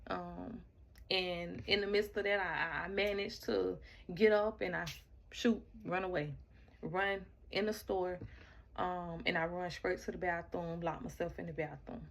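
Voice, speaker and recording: A woman casually telling a personal story straight to her listeners, animated, acting out the quoted lines and often repeating words as she goes. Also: lowish voice, measured pace, creaky. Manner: talks straight to the audience, repeats and restarts words.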